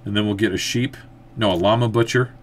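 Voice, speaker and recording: A man's voice: lowish voice, a little fast, slight background noise. Chatty man narrating his gameplay. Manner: chatty, thinks aloud, excitable outbursts. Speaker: gameplay commentator. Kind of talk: let's play commentary.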